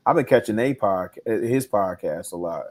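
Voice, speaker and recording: A man's voice: fairly low pitch, animated, moderate pace, crowd noise. A middle-aged man with a Chicago accent, talking in a rambling, laid-back way on a podcast and trailing into fillers. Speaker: podcast co-host. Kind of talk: casual chat.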